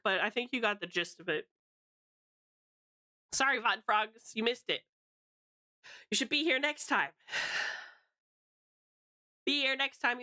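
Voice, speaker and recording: A woman's voice: fairly high pitch, bright, forceful tone. A woman streamer chatting playfully to her chat, her voice strained. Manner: playful, chatty, addresses chat, slips into song snippets.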